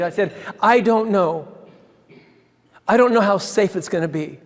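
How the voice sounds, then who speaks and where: A man, a ministry founder, telling a personal story in an excitable way, often restarting his sentences and chuckling. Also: high voice, brisk. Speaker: ministry founder giving a talk. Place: church hall. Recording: long hall reverb.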